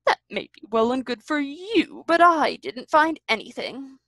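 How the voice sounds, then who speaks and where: A woman's voice: high voice, big pitch swings, a little slow, fairly bright tone, no echo, clean studio sound, voice pushed up, full character voice. A woman voicing a grumpy, self-important old male owl from a storybook, talking fussily. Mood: fussy.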